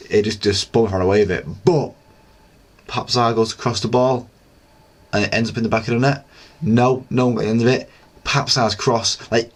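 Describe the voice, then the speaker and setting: A young man with a low, deep voice talks through the weekend's football on his own channel. He rambles in a loose, excitable way, full of fillers and asides. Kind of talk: casual solo football recap.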